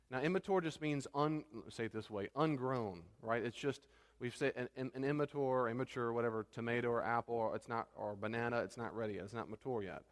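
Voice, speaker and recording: A pastor teaching a church class in a conversational, animated way. He now and then trips over his words. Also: medium pitch, big-room sound.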